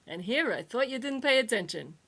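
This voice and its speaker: A woman voicing a brash male salvage boss who talks loudly and blusters. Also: on the high side, expressive, a little fast, pitched above the performer's own voice, heavily acted.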